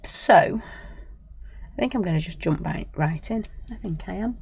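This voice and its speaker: A woman hosting a live craft product demo, a little croaky and talking in a chatty, apologetic, rambling way. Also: fairly low pitch, lively intonation, unhurried, a little mellow, a little hiss or hum. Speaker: craft shop host. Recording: dull lo-fi sound.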